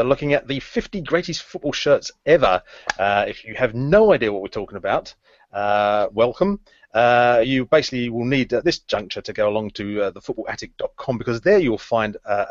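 A man's voice: mid-range voice, no echo. A man hosting a casual podcast, speaking with frequent hesitations and a dry wit. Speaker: podcast host. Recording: dull lo-fi podcast audio.

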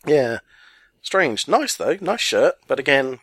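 A man's voice: medium pitch, sing-song, takes it slowly, fairly bright tone, slightly rough, dry recording. Man, casual podcast chat, jokey, dry sound. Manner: chatty, jokey, laughs mid-sentence. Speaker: podcast co-host. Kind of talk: casual chat about football kits.

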